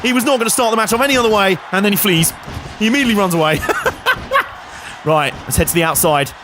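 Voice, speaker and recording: A man's voice: sits high, rapid-fire, heavy background noise. A man hosting a let's play, commenting on a wrestling game in a jokey, sarcastic way. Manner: jokey, sarcastic, chuckling often.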